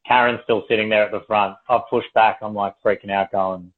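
A man's voice: lowish voice, steady tone, fairly quick, few pauses. An Australian man telling a story casually, swearing, laughing and acting out quoted voices. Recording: tinny phone-like audio.

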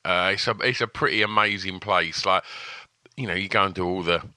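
A man with a lowish but very bright, cutting voice, recorded dry and close. He co-hosts a podcast in a joking, offhand way and hesitates with fillers. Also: fairly quick, clear, resonant tone, no room sound. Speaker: podcast co-host. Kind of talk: casual chat.

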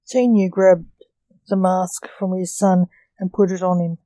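A woman narrating a story in a measured, formal manner. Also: lowish voice, little pitch movement, warm tone, no echo.

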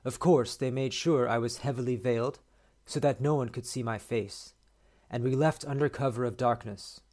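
A man hosting a podcast, reading a short story aloud in a measured, steady way. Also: medium pitch. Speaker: podcast host.

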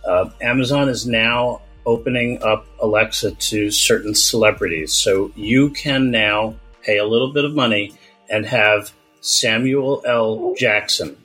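An eager man talks on a podcast panel in a low voice with a sharp, forceful edge. His voice is a little husky, and he stammers when he gets excited. Faint music runs behind him. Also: unhurried, low-quality recording. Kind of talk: casual panel chat.

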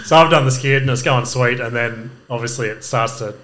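A man's voice: medium pitch, fairly quick, background noise. Laughing Australian man telling stories. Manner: laughs through his stories, acts out quoted voices. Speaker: guest comedian. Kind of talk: casual storytelling.

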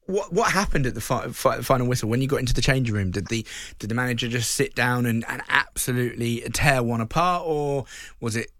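A man's voice: mid-range voice, animated, brisk, fairly bright tone, dry recording, clean studio sound. A man hosting a podcast, asking hesitant, stumbling questions with some laughter. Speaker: podcast host. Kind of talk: casual interview questions.

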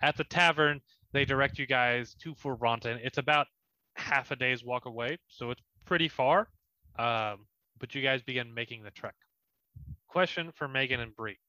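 A man's voice: mid-range voice, moderate pace, sharp tone, no echo, dull audio. A man narrating a tabletop game as game master, in a loose, chatty way.

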